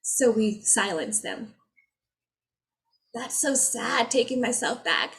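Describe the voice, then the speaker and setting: A woman's voice: on the high side, expressive, takes it slowly, creaky, fairly bright tone. A woman speaking as a spiritual energy healer, in a casual, heartfelt talk to her viewers, effusive and rambling with frequent restarts.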